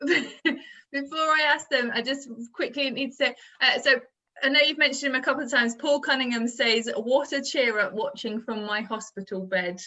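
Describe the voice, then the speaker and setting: A woman's voice: high voice, normal speed, sharp tone. A woman hosting a live video chat, laughing often and prompting her guests with questions. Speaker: host. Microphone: video call. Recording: dull lo-fi audio.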